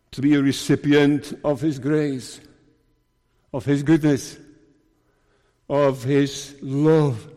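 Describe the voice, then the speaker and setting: Slow, earnest preaching man in a hall. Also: medium pitch, warm tone. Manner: earnest preaching, slow deliberate delivery with emphatic rises. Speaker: minister. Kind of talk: sermon.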